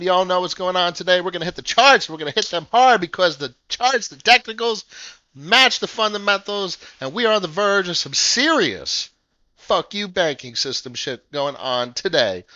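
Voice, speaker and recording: Brash, excitable man in his thirties. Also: on the high side, no room sound, highs cut off. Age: 30s. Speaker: crypto livestream host. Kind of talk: casual livestream talk.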